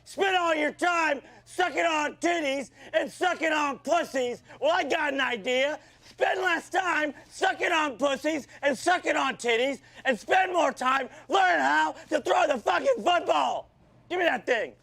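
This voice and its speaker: A foul-mouthed football coach hollers insults at his players in a comedy rant. His voice sits extremely high and turns gravelly as he shouts without letup. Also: a little slow, full character voice. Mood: yelling, berating. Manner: shouting, profane, berating.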